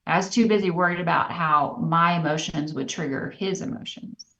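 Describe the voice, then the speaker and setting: A woman co-hosting a podcast, telling personal stories in an earnest, reflective way that turns animated. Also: sits low, normal speed. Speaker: podcast co-host. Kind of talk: candid personal storytelling. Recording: dull, slightly distant podcast audio.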